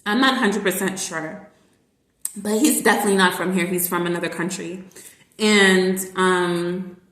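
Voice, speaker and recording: A woman's voice: fairly low pitch, steady tone, normal speed, a bit bright, roomy sound. A woman who teaches reading online, chatting casually in a rambling way with many fillers. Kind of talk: casual vlog chat.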